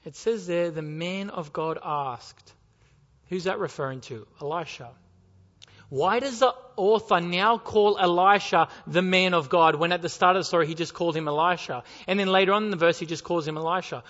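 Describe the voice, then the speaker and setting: Pastor preaching in a reverberant hall. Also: male voice, high-pitched, normal speed, a bit bright. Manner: storytelling, rhetorical questions. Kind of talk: sermon. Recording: dull sound with long hall reverb.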